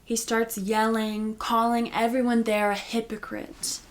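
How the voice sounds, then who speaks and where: A woman's voice: on the high side, flat delivery, unhurried, noisy background. Chatty woman recapping a TV show. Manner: chatty, full of "like" and "you know". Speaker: recap host. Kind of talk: casual TV recap commentary.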